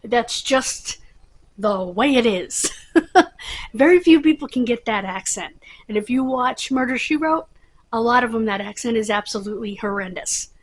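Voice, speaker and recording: Middle-aged woman host, husky and a little high-pitched, loose and rambling to camera. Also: lively intonation, unhurried, poor audio. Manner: rambling, chatty, with many fillers. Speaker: channel host. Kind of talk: casual chat to camera.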